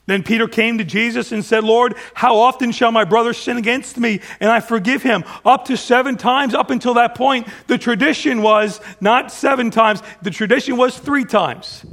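A man's voice: extremely high pitch, normal speed, hardly any pauses, fairly bright tone. A man preaching a sermon, retelling scripture with plain asides and light humor, rising and dropping in volume as he drives points home. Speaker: pastor.

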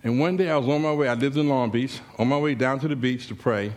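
Animated, joking male preacher. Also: medium pitch, brisk, few pauses. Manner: animated, jokey storytelling with rising exclamations. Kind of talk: sermon. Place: church.

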